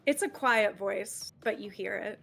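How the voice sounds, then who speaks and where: A woman's voice: medium pitch, a little slow, creaky, a bit bright, soft background music. A woman narrating as game master of a tabletop role-playing game, casual, vivid and playful.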